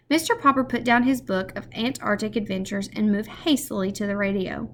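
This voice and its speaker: A teacher reading a children's storybook aloud in a clear, expressive way. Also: female voice, mid-range voice, brisk, few pauses, slight background noise. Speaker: first grade teacher.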